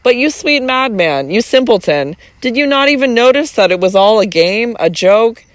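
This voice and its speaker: A woman's voice: fairly high pitch, expressive, moderate pace, dry recording, pitched above the performer's own voice, natural voice. A reader voicing a cool commanding noblewoman. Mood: playful. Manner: cool and commanding, then playful. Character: imperious, teasing young noblewoman. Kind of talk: audiobook reading.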